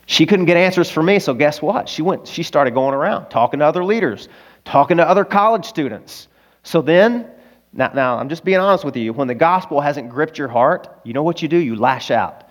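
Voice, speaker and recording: This Arkansas-accented male pastor delivers a sermon as earnest, confessional storytelling, climbing at moments to loud, emphatic high points. His pitch runs on the high side.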